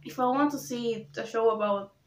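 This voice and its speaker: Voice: mid-range voice, normal speed. Rambling vlogger, roomy sound. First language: Spanish. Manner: rambling, restarts a lot, gets worked up when ranting. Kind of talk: casual opinion chat.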